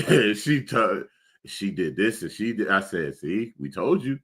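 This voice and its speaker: Man podcast host with a very low voice, relaxed storyteller, laughs easily. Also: measured pace, breathy edge. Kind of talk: casual chat.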